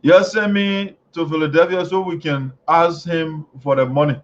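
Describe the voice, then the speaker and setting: A man's voice: a little high, fairly even intonation, moderate pace. A man hosting an online show, delivering heated political commentary full of mocking, chanting jeers. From Liberia. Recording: dull lo-fi audio.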